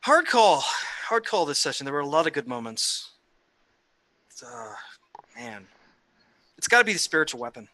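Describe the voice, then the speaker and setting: A man's voice: a little high, big pitch swings, normal speed, pauses often, bright, forceful tone, no room sound. A man playing in a tabletop game, chatting eagerly after the session, rambling and tripping over his words. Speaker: player. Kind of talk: excited post-session chat.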